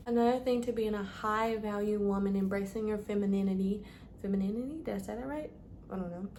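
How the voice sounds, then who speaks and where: A woman's voice: mid-range voice, slight background noise. A woman vlogger giving casual advice, chatty, calling her listeners "babes" and stumbling over long words. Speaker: lifestyle vlogger.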